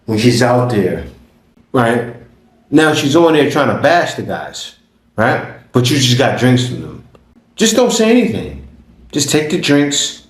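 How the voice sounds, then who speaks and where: A man hosting a reaction video, commenting in a casual, animated way and asking rhetorical questions. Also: medium pitch, measured pace, echoey room.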